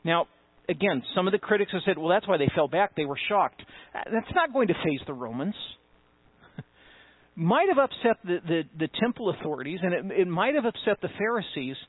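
High-voiced pastor preaching, tinny. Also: male voice, sing-song, a little fast, breathy edge, no room sound. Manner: emphatic, rising with conviction, conversational asides. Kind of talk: sermon. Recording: tinny phone-like sound, dry.

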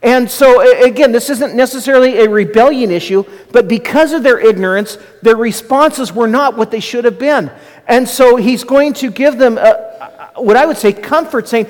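A middle-aged man delivers a sermon in a relaxed, conversational teaching style, breaking off for asides to his listeners. His voice sits fairly high for a man. The sound carries a long reverb tail, as in a large church sanctuary. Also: normal speed. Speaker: pastor and school administrator.

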